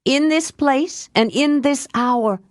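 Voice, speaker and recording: A woman voicing a tough, blunt young witch with a quick temper. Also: mid-range voice, expressive, a little mellow, no echo, clean studio sound, lightly acted. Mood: chanting.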